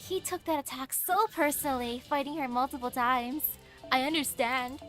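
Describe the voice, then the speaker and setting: A young woman streaming a game, chatting excitably as she plays. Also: high voice, moderate pace, soft background music. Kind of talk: casual game commentary.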